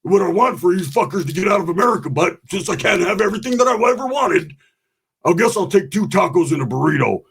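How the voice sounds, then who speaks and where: A man joining in with gruff, wisecracking remarks during casual comic banter. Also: high voice, lively intonation, quick pace, a bit bright. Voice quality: gravelly and raspy.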